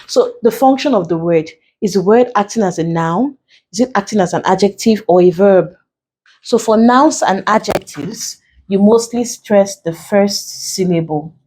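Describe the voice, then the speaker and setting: A woman with a Nigerian English accent tutoring an exam-prep lesson, slow and deliberate, repeating key points as she writes on a board. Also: mid-range voice, darkish tone, breathy edge, poor audio.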